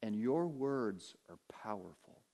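A man preaching a sermon as pastor, rising to emphatic peaks and dropping to hushed, low passages. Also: big pitch swings, slow pace.

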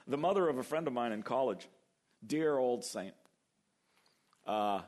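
An older man preaching a sermon, lively and acting out the quoted voices as he goes. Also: medium pitch, a little slow. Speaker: pastor.

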